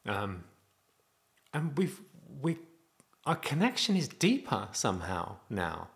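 A man's voice: lowish voice, wildly swooping pitch, slow, creaky. A man talking candidly to camera in a personal vlog about being a dad, earnest and rambling, often restarting his sentences. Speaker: vlogger and father.

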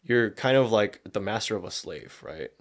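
رجل شاب يتكلم بعفوية ويكثر الشتائم. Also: male voice, lowish voice, animated, normal speed. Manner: profane, rambling, laughs often. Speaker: co-host. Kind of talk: casual reaction chat.

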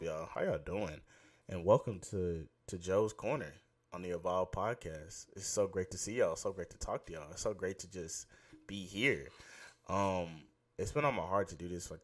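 A young man hosting his own podcast segment, talking about faith in a casual, excitable and rambling way. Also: deep voice, moderate pace. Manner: excitable, rambling, self-interrupting.

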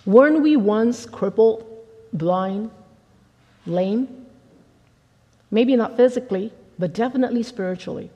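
A woman pastor preaching a conversational, animated sermon and acting out the people in her stories. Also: on the high side, measured pace, long pauses, in a large hall, dull audio. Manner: conversational, animated, acts out quotes.

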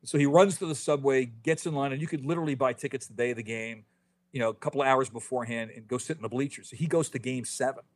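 Animated storytelling man in his fifties. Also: medium pitch. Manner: animated storyteller, quick restarts, frequent "you know". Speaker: author guest. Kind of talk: casual podcast interview.

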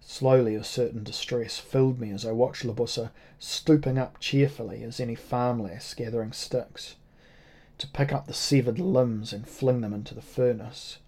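Even-toned, dark-voiced male narrator. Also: mid-range voice, normal speed. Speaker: audiobook narrator. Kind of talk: scripted first-person narration.

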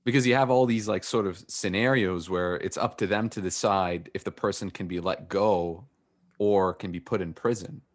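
Deep-voiced male podcast co-host, animated casual storyteller. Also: moderate pace.

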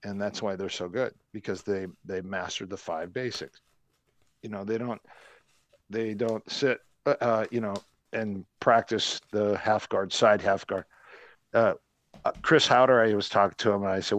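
An older man with a fairly low voice tells rambling anecdotes as a podcast guest, restarting his sentences often. The sound is close and dry, with no room around it. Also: steady tone, normal speed, fairly bright tone, no room sound. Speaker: guest, martial arts coach. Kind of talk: casual podcast chat, storytelling.

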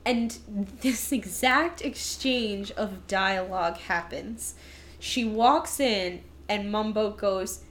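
A woman's voice: mid-range voice, slow pace. A woman in casual chat retelling a movie, acting out its lines as she goes. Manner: animated storytelling, acting out lines with laughs. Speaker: podcast co-host reviewing a movie.

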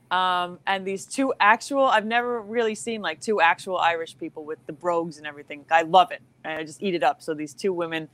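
A woman comedian chatting as a podcast guest, giggly and rambling, telling stories in an animated way. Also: on the low side, dry recording. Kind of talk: casual podcast chat.

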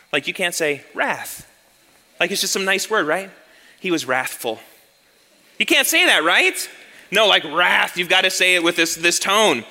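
A male pastor giving an earnest sermon, slowing down and repeating key lines for emphasis. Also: on the high side, bright, forceful tone, big-room sound.

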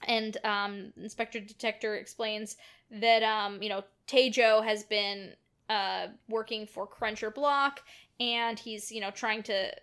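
A woman's voice: mid-range voice, steady tone, measured pace, a bit bright, smooth. A woman co-hosting a podcast, casually retelling film scenes with lots of fillers. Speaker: podcast co-host. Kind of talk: casual film recap chat.

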